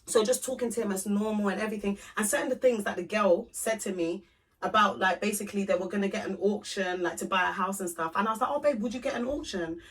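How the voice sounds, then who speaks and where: A young woman tells a personal story on a podcast, playing out every line of dialogue herself. Her voice sits at a middle pitch and is picked up a little away from the mic. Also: fast talker. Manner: candid, animated storytelling, acts out both sides of conversations. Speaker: podcast co-host. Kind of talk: casual chat, storytelling. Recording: voice from a distance off the mic.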